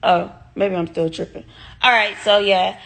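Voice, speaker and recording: A woman chatting straight to her viewers in a loose storytime vlog. She is animated and candid and swears freely. Her voice sits at an ordinary middle pitch for a woman. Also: normal speed, creaky. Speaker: vlogger telling a personal story. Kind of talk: casual storytime chat.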